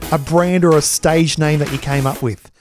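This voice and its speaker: A man's voice: a little high, steady tone, moderate pace, a little mellow, soft background music. Male podcast host. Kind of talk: casual interview chat.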